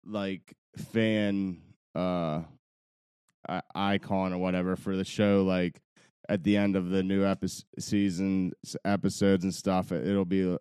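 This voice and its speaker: Brief: young male podcast co-host, low smooth voice, rambling, laughs a lot, dry close mic. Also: little pitch movement, unhurried, a little mellow, no room sound. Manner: rambling, laughs often, swears casually. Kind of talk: casual chat.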